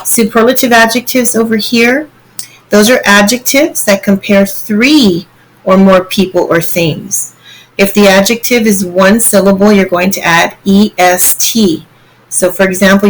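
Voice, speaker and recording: A woman's voice: medium pitch, steady tone, unhurried, rough recording. A woman teacher walking students through slides in a recorded online lesson, patient and step by step, often checking in with "okay?".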